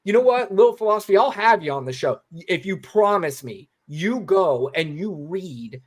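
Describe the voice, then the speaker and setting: A man co-hosting a podcast, giving casual political commentary in an animated, emphatic way and swearing freely. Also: high-pitched, unhurried, slightly rough. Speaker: podcast co-host.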